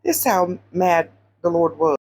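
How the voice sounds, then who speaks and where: A woman casually retelling Bible stories, animated, repeating phrases for emphasis and quizzing her listeners. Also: on the low side, moderate pace, a little hiss or hum. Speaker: Christian social media storyteller.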